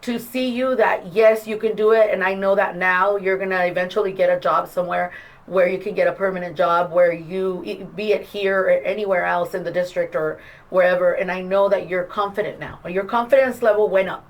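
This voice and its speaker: A woman who works at an adult school, chatting in a casual interview, encouraging and lively as she retells events with quoted dialogue. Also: fairly low pitch, a little fast, poor audio. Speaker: adult school staff member.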